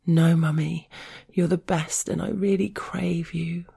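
A woman voicing a whiny, submissive young woman who pleads in a breathy whisper in a spoken audio story. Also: on the low side, fairly even intonation, measured pace, mellow, voice pushed up, heavily acted. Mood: pleading.

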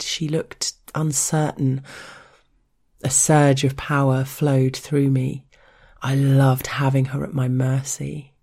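Slow, husky, gravelly woman narrator. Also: darkish tone. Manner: slow and stern, low and controlled. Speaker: storyteller. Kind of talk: intimate first-person story narration.

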